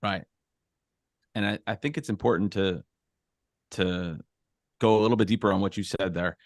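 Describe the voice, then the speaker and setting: Deep-voiced male host, dry close sound, measured delivery. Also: fairly even intonation, no room sound. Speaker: webinar host. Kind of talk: casual webinar conversation.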